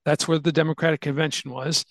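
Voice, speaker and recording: A man's voice: on the high side, flat delivery, quick pace, creaky, fairly bright tone, no echo. A man hosting a podcast, casually explaining history at length with fillers and restarts. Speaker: podcast host.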